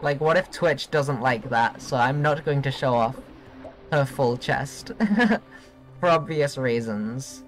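A young man streaming a video game live, chatting excitably and giggling with his viewers. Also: medium pitch, takes it slowly, soft background music. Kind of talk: live gameplay commentary.

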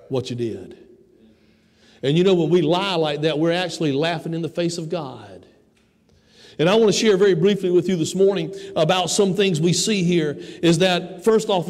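A man's voice: fairly high pitch, darkish tone. A man preaching a sermon, acting out the voices in the story he tells. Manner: emphatic preaching, acts out quoted voices. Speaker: pastor. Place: church sanctuary. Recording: church hall reverb.

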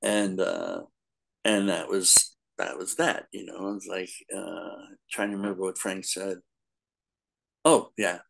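A man in his sixties, a guest in an interview, telling stories in a casual, animated way, laughing often and acting out other people's lines. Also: sits low, slow, gravelly, rough recording. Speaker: guest, comics editor.

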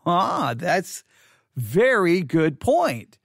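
A man's voice: high-pitched, sing-song, extremely slow, creaky, breathy edge, no echo, clean studio sound. A middle-aged American man, a pastor hosting a podcast, giving blunt and exasperated commentary on a listener's email. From United States.

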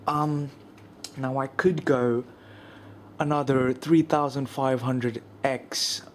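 A man talks casually to his viewers outside at night, his voice tight from shivering in the cold. He speaks at a middling pitch, sometimes dropping to quiet murmured asides. The built-in camcorder mic picks up a faint hiss of outdoor air around him. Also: steady tone, takes it slowly. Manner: chatty, with fillers and some quiet murmured asides. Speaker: vlogger. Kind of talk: casual vlog narration.

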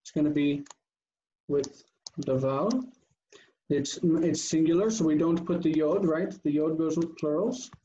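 This online class lecture features a man teaching Hebrew grammar by video call, his voice mellow and somewhat high, his tone steady and his pace unhurried. Patiently, he reads endings aloud, goes through each form, and asks his students questions, all on dull, lo-fi audio.

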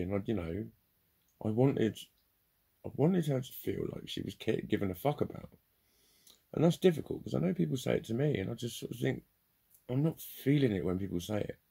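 A man with a very deep, gravelly voice talks in a loose, candid monologue. His tone is dark and husky, and he swears freely and jokes at his own expense as he rambles. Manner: rambling, sweary, self-deprecating. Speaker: vlogger.

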